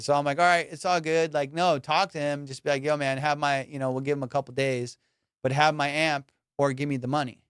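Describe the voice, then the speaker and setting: A young man hosting a podcast, casually telling a story in slangy, animated talk and acting out the people in it. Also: fairly high pitch, smooth, no echo, clean studio sound. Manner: animated, laughing, slangy retelling with quoted voices. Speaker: podcast host.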